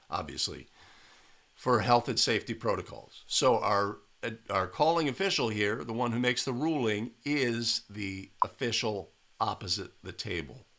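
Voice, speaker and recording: A man with a bright, forceful voice breaks down a game clip for basketball referees. His tone is emphatic and coaching, and he keeps checking in with "right?" He sits at a desk mic in a small room. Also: fairly low pitch. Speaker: basketball officiating instructor. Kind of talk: video analysis commentary.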